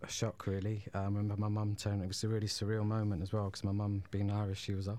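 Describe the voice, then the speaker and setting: A man speaking as a guest in a radio studio, in a low voice with a flat, steady tone. He talks hesitantly, pausing with ums and restarting sentences. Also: dry recording. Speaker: guest, former prisoner. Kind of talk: radio interview, personal story.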